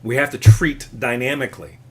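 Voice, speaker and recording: A man teaching a live classical guitar lesson, explaining patiently and warmly encouraging his student. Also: mid-range voice, a little fast, slight background noise.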